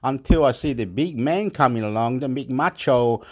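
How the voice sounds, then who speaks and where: A man from Chile, talking in a rambling, profane monologue in broken English that jumps between loud and soft. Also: medium pitch, moderate pace. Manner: excitable, repetitive, swings loud and soft.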